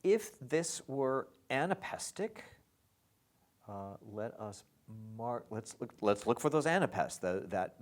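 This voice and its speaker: A middle-aged man teaching lyric scansion in an online lesson, with halting restarts, dry asides and rhythms spoken aloud. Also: medium pitch, big pitch swings.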